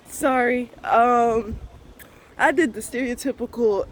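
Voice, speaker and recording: A woman in her twenties vlogging a frank, profane morning rant to her viewers, full of slang and talking things through out loud. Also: mid-range voice, unhurried. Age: 20s. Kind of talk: casual morning rant to camera.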